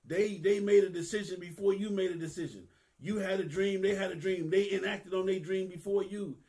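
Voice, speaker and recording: A man's voice: high-pitched, steady tone, a little fast, darkish tone. A man, giving a candid, earnest monologue that is profane and casual, with phrases repeated for emphasis. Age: 50s. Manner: profane, street-casual talk. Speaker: vlogger.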